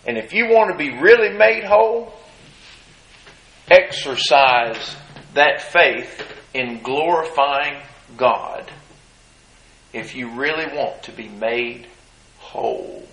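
A man's voice: mid-range voice, lively intonation, slow pace, long pauses, fairly bright tone. A male preacher giving an emphatic sermon and reading scripture aloud. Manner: emphatic, reads scripture in old-fashioned phrasing. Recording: echoey room.

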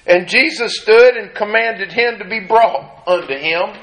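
A man's voice: high voice, unhurried, pushed and bright. A male preacher giving an emphatic sermon and reading scripture aloud. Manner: emphatic, reads scripture in old-fashioned phrasing. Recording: echoey room.

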